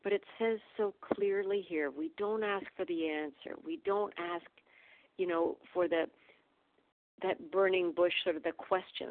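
A woman's voice: lowish voice, steady tone, unhurried, dry recording. A woman from Canada sharing in a recovery meeting, earnest and reflective. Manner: earnest, reflective, quotes her own old prayers. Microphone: phone call. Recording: tinny phone line.

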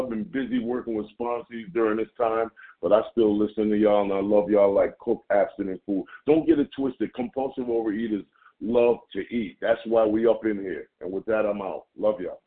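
Jamaican guy sharing at a meeting, slangy and jokey, gravelly, phone call sound. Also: on the low side, normal speed. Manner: playful slangy banter with laughs. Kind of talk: casual share at a recovery meeting. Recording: tinny phone line.

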